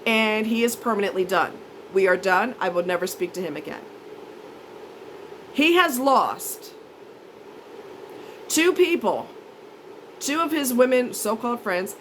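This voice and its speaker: A woman's voice: on the high side, lively intonation, a little slow, pauses often, a little hiss or hum, rough recording. A woman telling a story as a vlogger, ranting in an indignant, sarcastic and emphatic way. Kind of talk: storytime rant.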